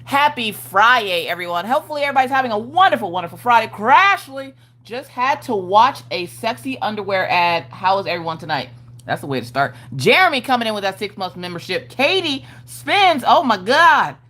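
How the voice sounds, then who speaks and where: A woman's voice: mid-range voice, animated, fairly quick, bright, forceful tone. Upbeat woman hosting a livestream. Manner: upbeat, greets viewers by name. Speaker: livestream host. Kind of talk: casual livestream chat.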